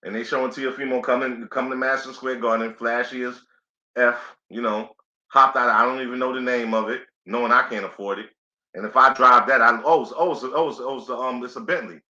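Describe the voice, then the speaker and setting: Male stream host, easygoing and talkative, bright tone, dull lo-fi mic. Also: medium pitch, fairly even intonation, a little fast. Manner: laid-back, chatty, says "you know what I'm saying" a lot. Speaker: boxing play-by-play host. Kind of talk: casual live commentary stream. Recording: echoey room, dull lo-fi sound.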